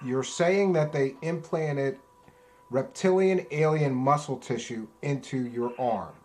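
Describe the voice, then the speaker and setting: A man's voice: mid-range voice, takes it slowly, darkish tone, slight background noise. A male host questioning a guest, pressing insistently for a direct answer. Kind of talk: interview questioning.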